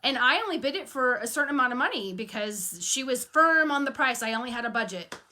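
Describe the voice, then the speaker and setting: Talking casually to camera, a woman coaches on running a cleaning business, firm and frank as she tells animated stories and acts out bits of dialogue. Her voice is high-pitched and fast.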